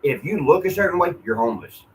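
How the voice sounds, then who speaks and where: A man's voice: on the high side, sing-song, quick pace, a little hiss or hum, rough recording. A man venting in a casual, profane, rambling monologue at home, often restarting his sentences. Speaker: vlogger. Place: apartment.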